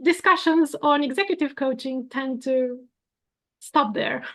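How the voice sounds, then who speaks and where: A woman's voice: high voice, measured pace, fairly bright tone. A woman in her thirties from Romania, talking earnestly about her work as a coach, now and then laughing lightly. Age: 30s. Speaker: coaching guest, architect and coach. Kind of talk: casual conversation.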